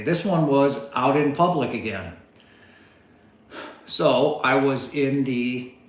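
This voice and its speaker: A man hosting a spiritual livestream, telling a story in a rambling casual monologue full of asides. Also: medium pitch. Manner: rambling, animated, full of asides like "right?" and "okay?". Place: home, on a couch. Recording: echoey room.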